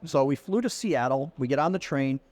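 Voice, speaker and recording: A man's voice: medium pitch, brisk. A middle-aged man, a podcast guest, telling a casual anecdote and acting out the dialogue as he goes. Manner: lively storyteller who acts out quoted dialogue. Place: conference venue.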